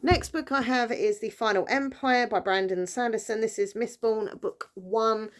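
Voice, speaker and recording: Speaking at a moderate pace in a fairly high voice, this British woman runs a book vlog and talks informally, wandering through thoughts with lots of filler words and corrections of herself.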